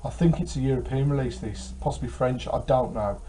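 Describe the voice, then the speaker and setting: A man's voice: medium pitch, a little fast, mellow, slight background noise, rough recording. A tired man chatting casually about his game collection, rambling with many fillers. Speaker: retro game collector vlogger. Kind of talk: casual chat.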